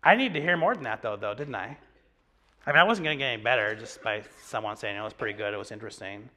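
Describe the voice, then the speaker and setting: A young man gives a sermon in a bright, forceful voice. He tells stories casually, with plenty of "um" and "like" along the way. He sounds like a pastor talking to his own church. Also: lowish voice, lively intonation, fast talker. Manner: conversational storytelling with many fillers.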